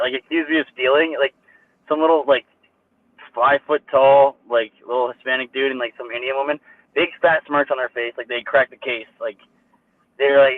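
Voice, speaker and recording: A man's voice: mid-range voice, steady tone, normal speed, no room sound. Profane rambling man on a tinny line. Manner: profane, rambling, filler-heavy. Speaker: co-host. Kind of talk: casual chat, storytelling. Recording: tinny phone-like line, dry.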